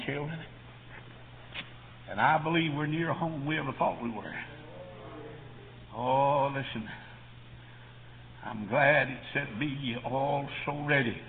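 An older man preaching a revival sermon, telling a personal story and then building to an impassioned call to come forward. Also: mid-range voice. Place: church service. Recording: tinny phone-like hall recording with faint noise.

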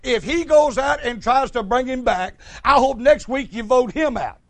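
A man preaching a fiery sermon, asking "is that right" over and over and breaking into shouts. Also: very high voice, normal speed, dry recording. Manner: rhythmic, repeats "Is that right?", bursts into shouts.

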